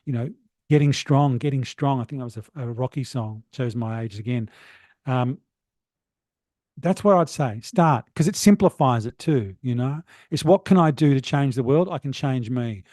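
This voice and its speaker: A man's voice: mid-range voice, normal speed, darkish tone, no echo, studio quality. A middle-aged man who is a guest on a podcast, talking earnestly about wellness coaching. He rambles with many fillers. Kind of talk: motivational podcast conversation.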